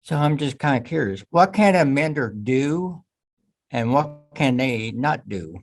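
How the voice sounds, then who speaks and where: A man hosting an interview, asking measured, friendly questions and wrapping up the show. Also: mid-range voice, animated, poor audio. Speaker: host.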